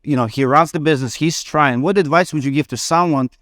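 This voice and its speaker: Smooth-voiced man. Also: a little high, fast talker, fairly bright tone, dry recording, studio quality. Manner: hesitant, with fillers and non-native grammar. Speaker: conference host asking a question. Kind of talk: questions on stage.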